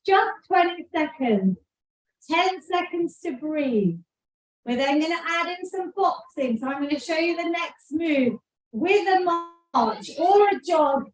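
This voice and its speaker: Woman fitness coach, high voice, unhurried cues, out of breath, echoey room far from the mic. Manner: encouraging, counting out cues. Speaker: fitness instructor. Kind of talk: live workout coaching.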